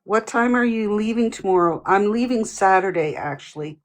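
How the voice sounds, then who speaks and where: A woman's voice: medium pitch, lively intonation, moderate pace. A woman hosting a casual live stream, reading viewer comments and answering them in a playful way.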